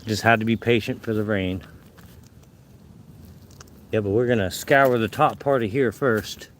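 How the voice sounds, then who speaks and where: A man's voice: on the low side, steady tone, measured pace. Give me an older Southern American man out of breath outdoors, talking folksy to his viewers, with faint noise behind. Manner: chatty, folksy, talking to viewers while searching. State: out of breath from climbing a hill. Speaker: fossil hunting vlogger. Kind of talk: casual live narration while hunting outdoors. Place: outdoors on a dirt hillside.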